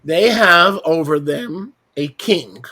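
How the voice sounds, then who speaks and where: High-voiced man teaching with mocking emphasis. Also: slow, sharp tone, husky. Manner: emphatic, fires rhetorical questions, mocking asides. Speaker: Bible teacher leading a roundtable. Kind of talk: roundtable teaching discussion.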